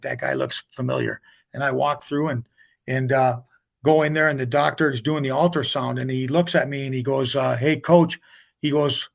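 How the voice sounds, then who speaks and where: The older hockey coach's voice is gravelly and slightly bright at medium pitch. As an interview guest he rambles through long stories, recounting conversations with many restarts and repeated "he goes."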